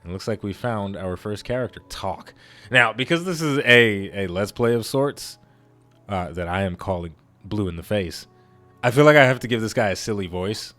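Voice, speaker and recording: A low-voiced man narrating his own playthrough in a loose, rambling way. He gets excited at sudden moments and restarts his sentences often. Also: normal speed, soft background music. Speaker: let's play host. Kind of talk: casual gameplay commentary.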